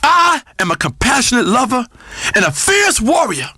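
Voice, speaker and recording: An actor playing a crude, boastful male spiritual-guru radio host, preaching loudly and swinging between growls and shouts. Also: very high voice, wildly swooping pitch, moderate pace, breathy edge, no echo, full character voice. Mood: brash. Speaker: radio talk show host. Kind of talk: comedic radio talk show.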